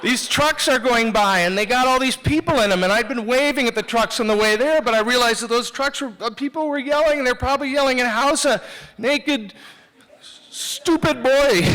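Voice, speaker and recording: A man's voice: very high-pitched, a bit bright. A man telling a personal story live on a theater stage, candid and self-mocking, talking conversationally with restarts.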